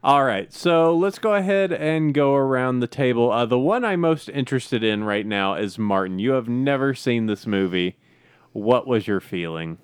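A podcast host leading a casual group chat, making quick jokes and moving things along. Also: medium pitch, lively intonation, clear, resonant tone, no echo, studio quality. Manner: wisecracking, quick joking interjections.

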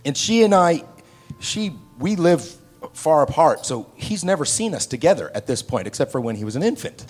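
A man telling an anecdote to an audience in a hall, animated and acting out the other people's voices. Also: fairly high pitch, moderate pace, slightly rough. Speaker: actor telling a set anecdote. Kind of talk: onstage storytelling. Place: stage before an audience in a hall.

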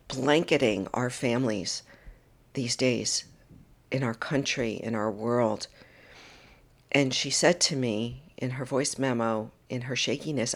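A woman hosting a solo podcast monologue into a microphone, earnest and emotional, often dropping into a soft whisper. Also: rumbling low. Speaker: podcast host. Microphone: studio microphone.

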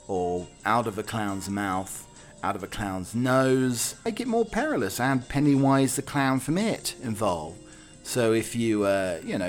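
A man hosting a podcast, riffing jokingly with lots of fillers and restarts. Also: lowish voice. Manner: rambling, jokey, filler-heavy. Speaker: podcast host. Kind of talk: casual solo commentary.

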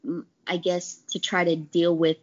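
A woman's voice: lowish voice, level tone, measured pace. A woman in pharmaceutical sales, chatting in an interview, telling stories animatedly and acting out quoted lines. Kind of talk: conversational interview storytelling. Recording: slightly dull lo-fi audio.

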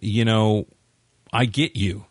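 A man's voice: on the low side, fairly even intonation, slow, slightly rough, no room sound. A man co-hosting a casual TV recap chat, steering the talk and chiming in often. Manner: steers the topic, backchannels a lot. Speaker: podcast co-host.

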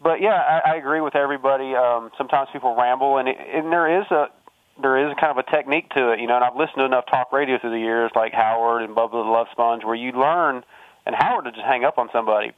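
A man's voice: mid-range voice, no echo. A man who calls a show regularly, chatting frankly and casually. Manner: quick, frank, self-aware. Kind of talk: casual chat. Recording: tinny phone-line sound.

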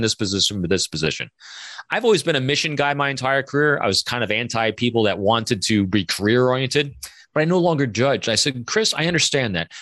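A man in his fifties, a podcast guest, telling animated stories and acting out quoted dialogue. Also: lowish voice, dry recording, studio quality. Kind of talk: conversational storytelling interview.

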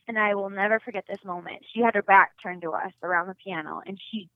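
A young woman from North Dakota, a singer, tells her story with animated, giggly energy as a podcast guest. The sound is thin and phone-like, and the room is very dry. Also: medium pitch, fast talker, no room sound. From North Dakota, USA. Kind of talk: casual interview storytelling. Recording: dry phone-line audio.

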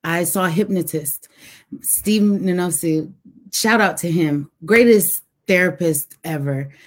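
A woman's voice: lowish voice, unhurried. A woman guest telling a personal story with animation, acting out voices and dialogue as she goes.

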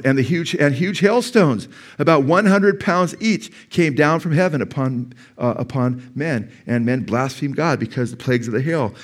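A middle-aged man preaching a sermon as pastor in a church, emphatic, rising to loud peaks and asking the congregation questions. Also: mid-range voice. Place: church sanctuary.

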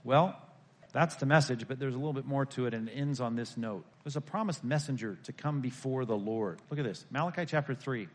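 Lively man teaching a Bible survey. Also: medium pitch, brisk. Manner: lively, rhetorical questions, wry asides to the class. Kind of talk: classroom Bible lecture.

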